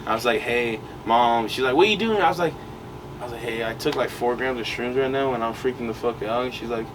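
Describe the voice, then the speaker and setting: Speaking a little fast in a mid-range voice, a young male podcast co-host rambles through a long, slangy story full of fillers during casual chat. The distant mic catches noise behind him.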